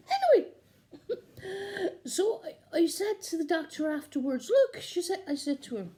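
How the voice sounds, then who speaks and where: A woman's voice: extremely high pitch, big pitch swings, slow, long pauses, mellow, full character voice. A woman playing a cheeky, gossiping nun in a chatty, improvised comic monologue, giggling often. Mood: giddy gossip.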